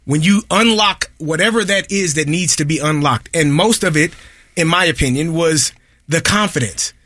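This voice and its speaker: Bright-voiced man talking baseball. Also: fairly high pitch, normal speed, no room sound. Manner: animated storyteller, puts on mock voices. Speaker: baseball analyst. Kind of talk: casual sports chat.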